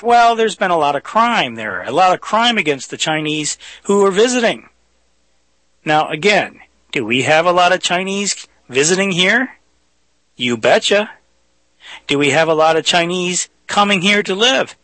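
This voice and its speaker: A man's voice: sits high, sing-song, moderate pace, bright, forceful tone, no room sound, low-quality recording. A man hosting a talk radio show, delivering a folksy opinionated monologue and speaking straight to his listeners. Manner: folksy, addresses listeners directly.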